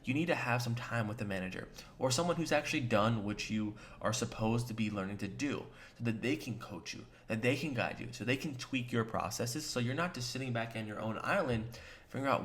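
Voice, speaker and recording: A man at a middling pitch, delivering a motivational coaching talk as a sales trainer. His delivery is direct and emphatic, speaking to the listener as "you". He drops into short acted examples with playful changes of tone. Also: a little fast. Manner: acts out short quoted lines with shifts in tone. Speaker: sales trainer and agency co-founder.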